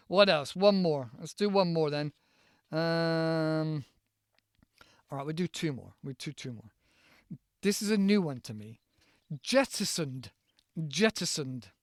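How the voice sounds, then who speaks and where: A man's voice: a little high, no echo, studio quality. A man hosting a casual vocabulary lesson, rambling and spelling out words letter by letter. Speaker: podcast host teaching English vocabulary. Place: countryside home.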